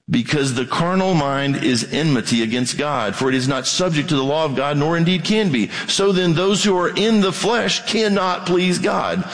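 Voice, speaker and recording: A man's voice: a little high, in a large hall, rough recording. A man preaching a sermon, reading scripture aloud and asking the listeners earnest questions.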